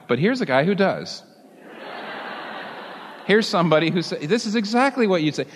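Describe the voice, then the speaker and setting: A man's voice: a little high, a little fast. Storytelling male preacher in a hall. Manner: lively storytelling, chuckles at the story. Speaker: pastor. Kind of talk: sermon.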